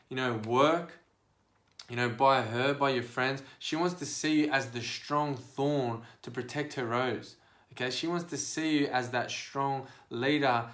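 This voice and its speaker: A man with a mid-range voice hosts a podcast as a life coach, speaking directly to his listeners. He's casual yet preachy, rising into animated bursts as he gives his advice.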